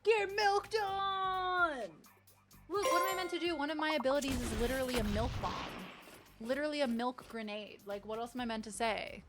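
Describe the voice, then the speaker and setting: A woman streaming a video game, reacting to it in excitable, profane casual chat. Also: fairly high pitch, fast, loud music behind the voice. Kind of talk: casual live-stream chat while gaming.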